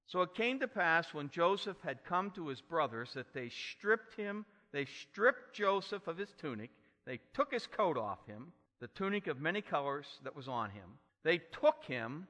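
A man preaches an expository sermon and reads the story with dramatic flair. His voice sits a bit high, sounds bright and forceful, and swings widely in pitch. A long reverb from the room trails behind him.

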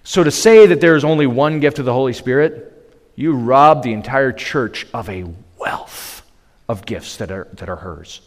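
A man's voice: medium pitch, animated, normal speed. A man preaching a sermon as pastor, emphatic, with sudden raised bursts. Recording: long reverb of a large hall.

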